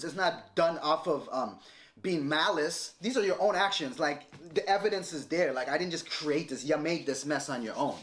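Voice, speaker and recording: A man's voice: on the high side, expressive, fairly quick, fairly bright tone. A man in his thirties delivers a direct-to-camera rant at his ex-partner. He is confrontational and keeps circling back to the same points. His voice moves a lot, rising and falling as he presses each one home. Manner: confrontational, repetitive, lecturing. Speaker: vlogger responding to an ex-partner.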